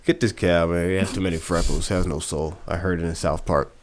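Loud animated man riffing jokes. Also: sits low, a little fast. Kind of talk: casual comedic banter.

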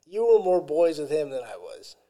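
A man's voice: a little high, big pitch swings, moderate pace, dark tone. A young man co-hosting a podcast, joining in with laid-back, profane banter. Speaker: podcast co-host. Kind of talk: casual chat.

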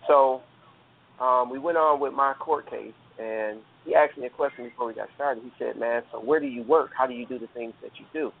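A man's voice: medium pitch, a little fast, vocal fry. A man earnestly telling a long personal story, rambling with fillers and restarts, over a phone line. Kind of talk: casual storytelling.

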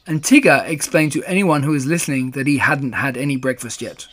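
A man narrating a classic children's story in a measured, gentle storytelling manner. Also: mid-range voice. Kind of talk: storybook reading.

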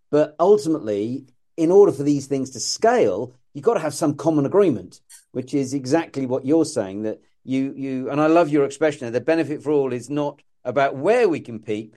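A male podcast host who talks reflectively, with halting phrases and restarts. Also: mid-range voice, mellow. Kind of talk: podcast interview.

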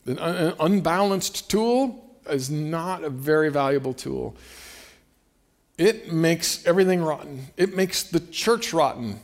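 A man's voice: on the high side, animated, unhurried. A man preaching a sermon, talking conversationally and emphatically, stopping to read scripture aloud. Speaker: pastor.

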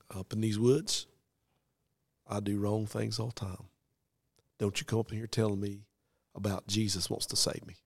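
A man voicing a rough, angry older mountain man who talks in a gruff, threatening way. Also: fairly low pitch, no room sound, studio quality, full character voice.

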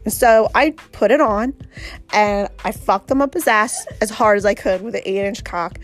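A woman's voice: on the high side, moderate pace, soft background music. A woman guest telling a story about her vacation, bluntly and profanely, with lots of animation. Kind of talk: casual storytelling.

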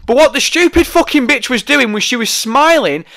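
A man's voice: extremely high pitch, lively intonation, normal speed, bright, forceful tone. A man delivering an angry, profane, sarcastic rant about wrestling. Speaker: wrestling commentator. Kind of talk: ranting monologue.

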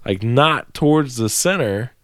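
A man's voice: medium pitch, expressive, a little slow, a bit bright, dry recording. A man co-hosting a podcast, telling a long profane story in casual chat from a small dry room. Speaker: podcast co-host.

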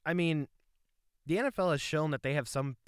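A man's voice: a little high, brisk, smooth, dry recording, clean studio sound. A man co-hosting a casual sports podcast, recapping scores and results and self-censoring his swearing. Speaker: podcast co-host.

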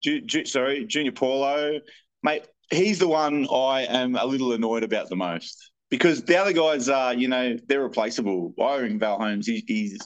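A man's voice: medium pitch, moderate pace, muffled recording. An Australian man co-hosting a casual rugby league podcast, blunt and teasing in his opinions. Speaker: podcast co-host. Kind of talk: casual sports chat.

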